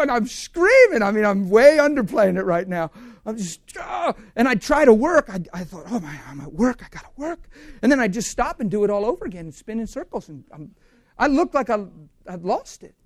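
High-voiced animated male preacher. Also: no room sound. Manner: animated, laughing storyteller. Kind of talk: sermon.

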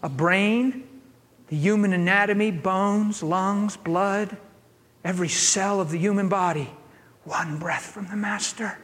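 A man's voice: high voice, a little slow, long reverb tail. A man preaching in a church, telling a healing story with laughs and acted-out voices. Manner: animated, laughing, acts out voices in his story. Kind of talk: storytelling sermon.

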